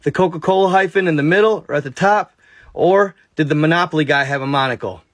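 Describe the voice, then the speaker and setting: A man's voice: fairly high pitch, fast talker, no echo. A man narrating a story and chatting casually to his viewers, addressing them directly. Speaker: narrator and vlogger.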